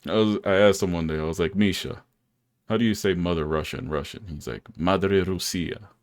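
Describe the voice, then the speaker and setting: Young guy with a super low voice, laid-back podcast chat, dry close sound. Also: quick pace, dry recording. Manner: laid-back storytelling, laughs often. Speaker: podcast host. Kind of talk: casual chat.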